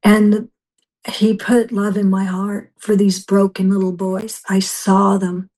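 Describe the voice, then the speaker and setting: Older woman, missionary guest, fervent testimony, narrow pitch range. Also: little pitch movement, slow, mellow. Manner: intense, fervent storytelling with restarts. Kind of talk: emotional personal testimony.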